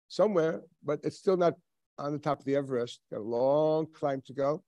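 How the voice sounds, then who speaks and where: A man's voice: a little high, fairly quick, warm tone. A man in his seventies, a rabbi giving a sermon, telling stories with frequent chuckles and rhetorical questions. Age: 70s. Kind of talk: Tisha B'Av sermon.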